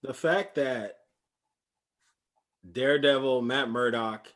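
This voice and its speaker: A man co-hosting a podcast, telling an excited story in casual chat. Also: medium pitch, slow. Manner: animated storytelling, shouts and laughs when excited. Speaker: podcast co-host.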